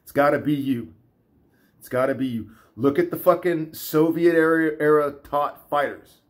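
A man ranting in a casual vlog, animated and profane, often repeating himself. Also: on the high side, normal speed. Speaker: vlogger. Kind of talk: casual rant.

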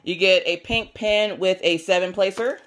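A woman hosting a casual unboxing video, chatty and enthusiastic, her voice squeaky today. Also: normal speed, fairly bright tone, a little hiss or hum. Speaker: crafting video host.

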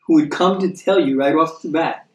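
A man with an American accent teaches from the Bible in a relaxed, conversational way, checking in with his listeners as he goes and slowing down when he reads scripture. His voice sits a little high for a man. He sounds set back from the mic in an echoey room. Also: recorded from a distance. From United States. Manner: chatty, checks in with tag questions like "okay?" and "right?".

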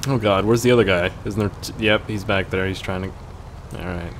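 A man commenting on his gameplay in a loose, rambling way, full of crude jokes. His voice sits low. Steady game noise runs underneath. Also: fairly quick. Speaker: gaming YouTuber.

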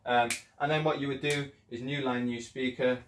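A man's voice: medium pitch, steady tone, normal speed, roomy sound, slight background noise. A man teaching children an English lesson in a chatty, encouraging way, explaining things step by step. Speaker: primary school teacher.

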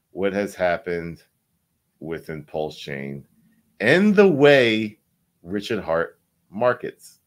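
Animated man breaking down charts. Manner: animated, repetitive, swears, sweeps between loud and low. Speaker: crypto chart analyst.

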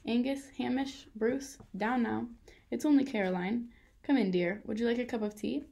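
A woman's voice: on the high side, fairly quick, vocal fry, dark tone. A woman voicing a fussy, genteel older actress who speaks politely.

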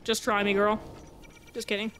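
A woman giving casual, jokey commentary on her own gameplay, excitable and swearing, talking to herself as she plays. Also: mid-range voice, moderate pace, faint music behind. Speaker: gaming YouTuber.

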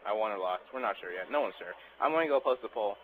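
A young man in casual online party chat with friends, loud, mocking and teasing. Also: lowish voice, lively intonation, fast, phone-quality sound, slight background noise. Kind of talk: casual argumentative banter.

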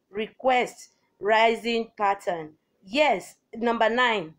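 Measured woman teacher presenting a lesson. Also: medium pitch. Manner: reads outline points in a measured, deliberate way.

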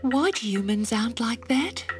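A woman voicing a small, tender-hearted girl in a storybook, in a high, breathless, pleading voice. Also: lively intonation, unhurried, noisy background. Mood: frightened.

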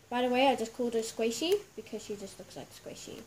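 A woman's voice: a little high, normal speed, hardly any pauses, a little mellow, a little hiss or hum. A woman hosting a casual gaming video, giggling and chatting straight to her viewers as she plays. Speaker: gameplay video host.

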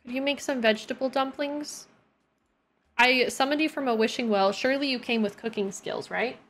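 A young woman with a high, somewhat bright voice plays a game on stream, chatting casually at a normal speed. She talks both to her characters and to her viewers.

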